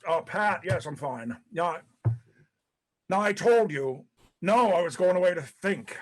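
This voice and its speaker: A man's voice: a little high, breathy edge. An actor playing a disgraced, paranoid older male ex-president in a dramatic monologue, profane and rambling, stammering over repeated words.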